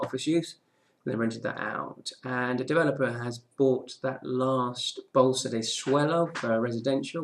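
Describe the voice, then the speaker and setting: A man's voice: medium pitch, gravelly. A man presenting a casual daily property market news update, chatty, with frequent "okay"s and restarts.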